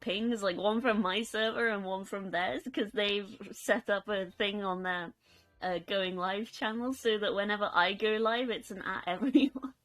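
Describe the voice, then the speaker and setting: A woman's voice: mid-range voice, fairly even intonation, unhurried, fairly bright tone, faint music behind. A young woman chatting casually on a live stream, giggling often and reading out chat. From United Kingdom.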